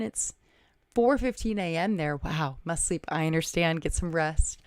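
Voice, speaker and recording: A woman's voice: low voice, lively intonation, measured pace, dry recording. A woman hosting a casual livestream, chatting, thinking aloud and thanking viewers by name. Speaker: livestream host. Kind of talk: casual livestream chat reading viewer comments.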